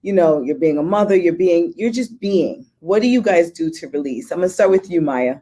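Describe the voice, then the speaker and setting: Chatty woman moderator, mellow voice. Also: lowish voice, a little fast. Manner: casual, chatty, affirming. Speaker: panel moderator. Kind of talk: moderating a panel discussion.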